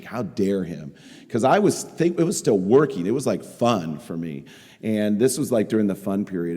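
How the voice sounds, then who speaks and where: A man's voice: on the low side, warm tone. A man giving a candid, self-mocking personal testimony at a recovery meeting, acting out quoted dialogue as he goes. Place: meeting hall. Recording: long hall reverb.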